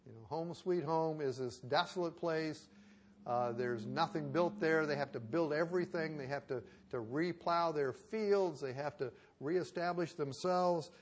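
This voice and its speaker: A man preaching a sermon in a conversational way, asking rhetorical questions and swinging from loud emphasis to soft asides. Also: a little high, unhurried.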